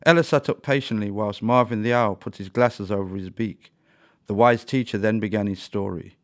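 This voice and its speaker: Low-voiced man reading a children's story. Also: moderate pace. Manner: expressive, animated read-aloud.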